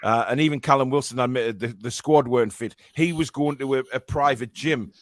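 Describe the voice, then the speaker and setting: A man's voice: medium pitch, fairly quick, dry recording. A man with a Geordie accent hosting a live fan show, chatting casually and rambling with plenty of fillers and restarts.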